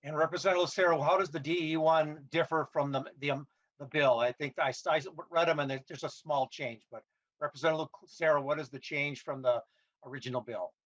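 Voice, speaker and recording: A man's voice: a little high, fairly even intonation, fairly quick, fairly bright tone. A man chairing a committee hearing, polite and procedural, guiding members through the agenda. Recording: slightly dull remote call audio.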